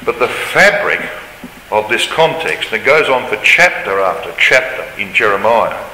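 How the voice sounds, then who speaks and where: Man, Bible study lecturer, emphatic, sharp bright tone, roomy reverb, faint background hum. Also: fairly low pitch, big pitch swings, moderate pace. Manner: emphatic, rising when reading scripture aloud. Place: large lecture hall.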